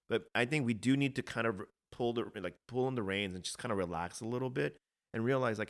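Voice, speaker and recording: A man's voice: fairly low pitch, lively intonation, quick pace. A man co-hosting a podcast, giving his opinions in a casual, earnest way and often repeating words as he starts a point. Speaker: podcast co-host.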